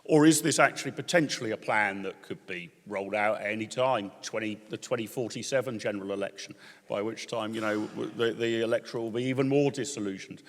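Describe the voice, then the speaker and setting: Low-voiced male conference host. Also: quick pace. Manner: long, rambling, searching questions. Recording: reverberant conference hall.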